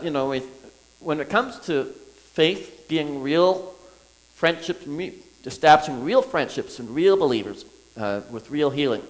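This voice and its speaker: A male preacher talks to his congregation with a fairly high, very lively voice that swoops up and down. He stops and restarts often, with chuckles along the way. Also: poor audio. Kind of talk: sermon teaching. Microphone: recorded for viewers at home.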